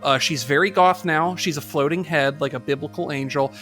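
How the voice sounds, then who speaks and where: Bright-voiced man recapping with gusto. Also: a little high, a little fast, soft background music. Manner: animated storyteller, mocks voices. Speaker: podcast co-host. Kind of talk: casual chat.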